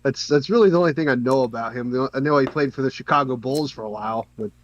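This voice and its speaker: A man's voice: medium pitch, quick pace, muffled recording. A man in a casual group chat who often asks questions and sounds unsure.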